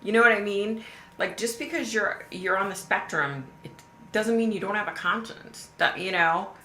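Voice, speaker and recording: A woman's voice: mid-range voice, moderate pace, bright, forceful tone. A woman hosting a casual live stream, reading out viewer comments and answering them bluntly, swearing freely. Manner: blunt, swears freely, repeats questions for emphasis. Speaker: livestream host. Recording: echoey room with faint background noise.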